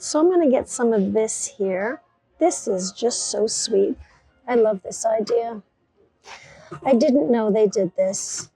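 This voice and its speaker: A woman's voice: a little high, warm tone, breathy edge, no room sound, poor audio. A woman chatting enthusiastically to her viewers as she browses plants in a garden center, speaking in a casual vlog style. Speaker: gardening vlogger. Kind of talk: casual vlog narration while shopping.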